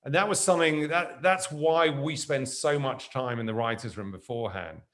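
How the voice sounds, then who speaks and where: Lively middle-aged male storyteller. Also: mid-range voice, normal speed. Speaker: guest. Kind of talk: casual conversation.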